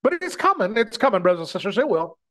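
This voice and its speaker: A man's voice: sits high, big pitch swings, fast talker, a bit bright. Male preacher, heated sermon delivery with stumbles and repeats, voice rising and falling a lot. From United States. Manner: impassioned, repeats words, addresses brothers and sisters.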